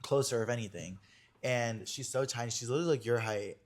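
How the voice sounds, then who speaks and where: A man's voice: mid-range voice, brisk. Gossipy young man, chatty storyteller. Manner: gossipy, animated storytelling with many "like" fillers. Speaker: podcast host. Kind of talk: casual chat.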